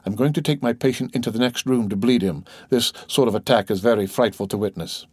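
A man's voice: mid-range voice, fairly quick, dry recording, natural voice. A man voicing a grave male doctor who asks curt, commanding questions.

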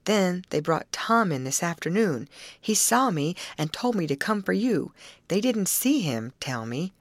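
Timid backwoods youth, slow halting speech, low-pitched, dry read, by a woman narrator. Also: very animated, dry recording, heavily acted. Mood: earnest. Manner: slow, hesitant, uneducated grammar. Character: simple-minded timid young man, halting.

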